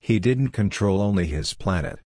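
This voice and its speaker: Man narrating a storybook, measured. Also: on the low side, animated, a little mellow, no room sound, clean studio sound. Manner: measured, simple reading.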